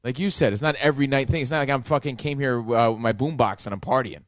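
A man's voice: mid-range voice, quick pace, no echo, studio quality. A man telling a story in casual, profane banter, mimicking the people in it.

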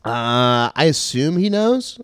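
A man's voice: medium pitch, sing-song, takes it slowly, fairly bright tone, clear, resonant tone, no echo, clean studio sound. A man in his late twenties from North Texas, hosting a casual podcast and telling crude, rambling stories full of filler words. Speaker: podcast host.

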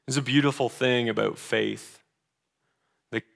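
Bright-voiced pastor preaching with emphasis. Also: male voice, mid-range voice, fairly even intonation, creaky. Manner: earnest, swings between emphatic and hushed; reads scripture slowly and deliberately. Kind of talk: sermon.

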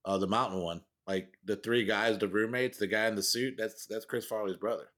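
Low-pitched male podcast host, loose rambling delivery. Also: steady tone, fairly quick, a bit bright. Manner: rambling, laughs often, trails off. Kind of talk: casual chat.

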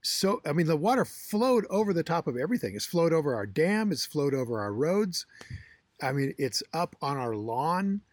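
Chatty middle-aged male host who tells long, lively anecdotes, with a fairly high voice and a dry, close mic. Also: moderate pace, dry recording. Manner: rambling, animated storyteller. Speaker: podcast co-host. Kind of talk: casual chat.

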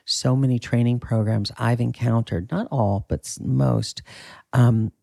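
A man talking as an acting coach in a casual interview, candid and emphatic, with a husky voice and the odd swear. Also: mid-range voice, fairly even intonation, a little slow, mellow, dry recording.

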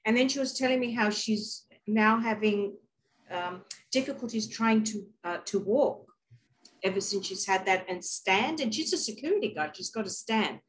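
A woman's voice: medium pitch, lively intonation, moderate pace, poor audio. Chatty Australian woman telling a story. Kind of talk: casual chat.

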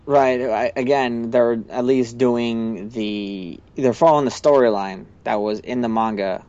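A man's voice: mid-range voice, a little slow, darkish tone, no echo. Guy cohosting a podcast, rambly, fillers everywhere, kinda muffled lo-fi audio. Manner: rambling, lots of likes and restarts. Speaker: podcast co-host. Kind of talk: casual chat.

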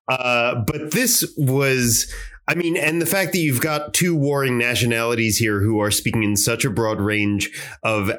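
A man's voice: medium pitch, fairly bright tone. A man on a movie podcast who repeats words and stammers as he builds his argument in casual chat.

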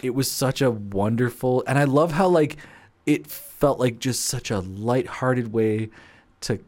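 A young man co-hosting a podcast, talking in a relaxed, reflective way. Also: mid-range voice, a little slow. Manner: relaxed, reflective, laughs often. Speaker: podcast co-host, former set carpenter. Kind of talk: casual chat.

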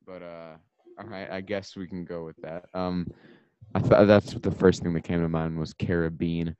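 A man's voice: low-pitched, little pitch movement, moderate pace, warm tone, clear, resonant tone, no echo. A man co-hosting a casual podcast, teasing his partner in dry banter. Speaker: podcast co-host. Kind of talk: casual chat. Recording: dull dry computer mic.

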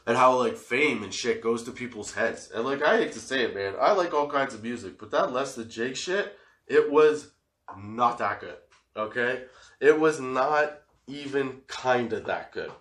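A man in casual, profane storytelling mode, laughing as he acts out old scenes. His voice is bright and forceful, and the room rings around it with echo. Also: medium pitch, normal speed. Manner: profane, laughs often, animated re-enacting. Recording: echoey room.

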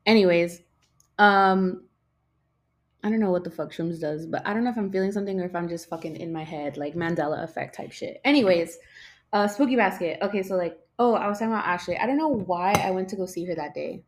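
A woman's voice: lowish voice, a little fast. A young woman hosting a casual podcast, rambling, swearing a lot, losing her train of thought and yawning as she talks. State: yawning, tired. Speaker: podcast host.

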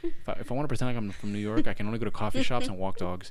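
A young man co-hosting a podcast in casual chat, excitable and swearing often, now and then breaking into loud mock voices. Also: lowish voice, quick pace, hardly any pauses. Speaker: podcast co-host.

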